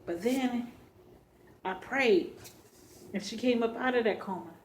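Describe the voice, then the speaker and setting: A woman's voice: on the high side, unhurried, a little hiss or hum. Chatty woman telling a personal story. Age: adult with a child. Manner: chatty, addresses viewers as y'all, many fillers. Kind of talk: casual storytelling to camera.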